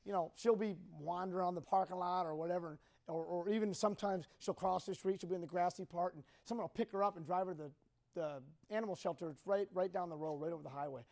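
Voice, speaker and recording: A man speaking to a group, telling a personal story in a rambling, halting, emotional way. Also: high voice, fairly even intonation, a little mellow.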